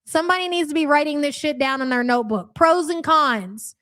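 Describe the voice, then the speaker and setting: Profane Louisville woman streamer, higher voice. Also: a little fast, fairly bright tone, dry recording, clean studio sound. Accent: Louisville Kentucky. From Louisville area, USA. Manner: blunt, profane, sarcastic, laughs often. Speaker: live-stream reaction host. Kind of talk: live-stream reaction commentary, reading chat.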